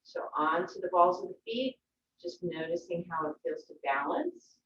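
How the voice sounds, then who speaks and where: Woman yoga teacher, calm guiding voice, distant roomy dull video-call sound. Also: lowish voice, moderate pace, a little hiss or hum. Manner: gentle, encouraging instructions. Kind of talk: guided yoga class. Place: her home.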